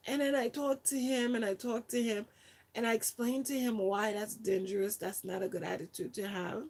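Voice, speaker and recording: A woman's voice: fairly high pitch, steady tone, moderate pace, a little mellow. A woman volunteer telling a personal story in a casual, chatty way, with lots of fillers. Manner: chatty, many fillers, acts out quotes.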